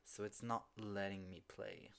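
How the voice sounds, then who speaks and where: A man's voice: on the low side, unhurried, gravelly, clean tone. Man swearing through a story. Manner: profane, animated, laughing at himself. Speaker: podcast host. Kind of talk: casual storytelling. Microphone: phone.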